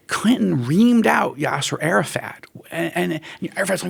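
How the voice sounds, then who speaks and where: A man's voice: high-pitched, lively intonation, unhurried, vocal fry, few pauses, slightly rough. A man speaking as a guest in an interview, telling stories animatedly and acting out quoted voices. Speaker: guest author.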